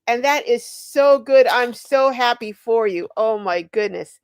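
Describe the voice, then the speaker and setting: A woman's voice: fairly high pitch, unhurried, smooth, no echo. An older woman hosting a casual livestream, out of breath, bubbly and exclaiming as she greets viewers. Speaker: livestream host.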